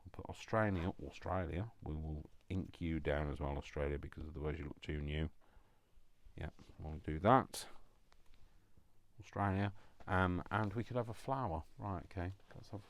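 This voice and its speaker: A man's voice: low-pitched, normal speed, no echo. A man chatting casually to himself as he makes crafts, rambling with jokey asides. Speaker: craft channel host.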